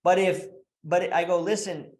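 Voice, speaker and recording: A man's voice: a little high, fairly quick, echoey room. A man as a podcast guest, talking bluntly and profanely as a coach for married men, slipping into quoted voices as he tells stories. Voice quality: profane, blunt, animated storytelling. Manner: acts out quoted voices mid-sentence. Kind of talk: podcast interview.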